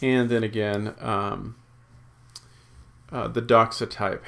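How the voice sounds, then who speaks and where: A man teaching a recorded Greek lesson, slowly drilling word forms, reading out rules and thinking aloud with many ums and uhs. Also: fairly low pitch, steady tone, gravelly, a bit bright. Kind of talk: recorded classroom lecture.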